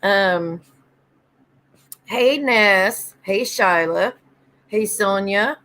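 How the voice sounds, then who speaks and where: A woman's voice: mid-range voice, drawn-out words, fairly bright tone. A woman hosting a casual livestream, greeting viewers by name and ranting bluntly with lots of swearing. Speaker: livestream host.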